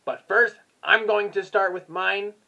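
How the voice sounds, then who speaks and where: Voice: medium pitch, unhurried, vocal fry, bright, forceful tone, highs cut off. A puppeteer voicing a friendly swamp monster who hosts a quiz challenge, talking in a chatty, easygoing way.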